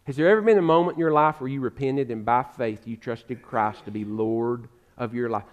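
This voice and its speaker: A man preaching a sermon with passion, calling his listeners "friend" and swinging from loud exhortation to hushed pleading. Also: medium pitch, brisk, highs cut off. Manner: addresses listeners directly as "friend". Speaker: pastor.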